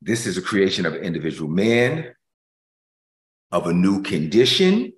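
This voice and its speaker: A man preaching a sermon as pastor. He repeats phrases for emphasis and swings between loud passages and hushed ones. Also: sits low, very animated, normal speed, roomy sound.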